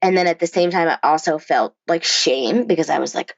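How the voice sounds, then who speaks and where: A low-pitched woman speaks candidly as a podcast guest, full of "like" and "you know" and quick restarts. The sound is dry and a little dull, like a lo-fi remote recording. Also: creaky, dry recording. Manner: frank, many fillers and restarts, occasional swearing and laughs. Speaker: therapist and body-image coach, podcast guest. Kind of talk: candid conversational storytelling.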